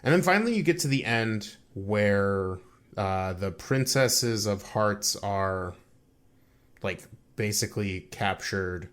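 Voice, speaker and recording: A young man co-hosting a podcast, recapping a video game in casual chat, rambling and halting with lots of fillers. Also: fairly low pitch, lively intonation, fairly bright tone, clear, resonant tone. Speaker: podcast co-host.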